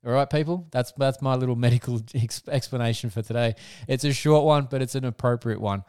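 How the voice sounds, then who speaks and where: A man's voice: mid-range voice, brisk, darkish tone, clear, resonant tone, dry recording, clean studio sound. An Australian man hosting a motorsport podcast, blunt and casual, laughing often and swearing freely. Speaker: podcast host.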